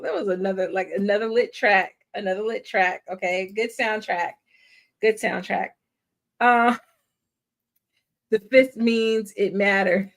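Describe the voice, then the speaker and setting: A woman's voice: mid-range voice, a little slow. A woman hosting a movie watch-party live stream, chatting casually and effusively and laughing often.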